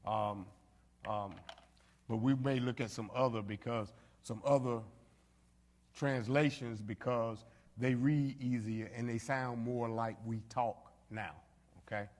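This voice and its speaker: A man leads a Bible study in a casual, conversational way, pausing on fillers and checking in with the group. His voice sits at an ordinary middle pitch. The sound carries a long reverberant tail, as if recorded in a church meeting room. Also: steady tone, darkish tone. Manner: conversational, frequent fillers, addresses the group directly. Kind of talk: informal Bible study teaching. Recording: reverberant hall.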